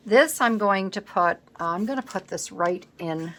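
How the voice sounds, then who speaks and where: A camera on her craft table records a scrapbooking vlogger at home, casually thinking through her work out loud. Her mid-range voice is fairly bright with lively intonation and an unhurried pace, and a little hiss or hum can be heard.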